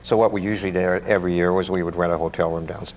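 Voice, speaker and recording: A middle-aged man, a guest on a comedy talk show, telling a rambling anecdote that drops into hushed tones. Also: deep voice, fairly even intonation, very fast, a little hiss or hum. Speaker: guest actor.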